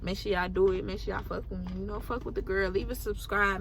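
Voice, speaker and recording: An eighteen-year-old woman vlogger telling a casual storytime, animated and full of slang and swearing. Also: medium pitch, fast, vocal fry.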